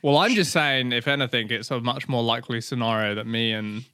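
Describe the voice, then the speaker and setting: A man's voice: mid-range voice, brisk, bright, forceful tone, clean tone, dry recording, clean studio sound. A man co-hosting a podcast, bantering playfully and joking with friends. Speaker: podcast co-host. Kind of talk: casual banter.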